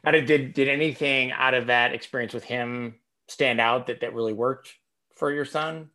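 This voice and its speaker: A man hosting an interview, talking in a measured way and steering it with questions. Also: mid-range voice, steady tone, sharp tone. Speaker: interview host. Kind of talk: interview conversation.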